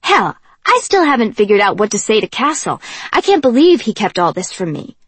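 A woman voicing a loud, teasing young man who swears casually, in an audiobook reading with a breathy, dry sound. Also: on the high side, big pitch swings, a little fast, dry recording. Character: cocky joking young man, loyal friend. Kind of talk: audiobook character voice.

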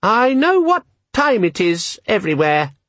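A squeaky, chirpy little demon in a pocket gadget, pitched far above a normal voice and leaping about as it talks. It sounds eager to please, with a dry, close sound and a slightly husky edge. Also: male voice, sing-song, unhurried, fairly bright tone, dry recording, exaggerated voice. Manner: chirpy, hopeful, beeping.

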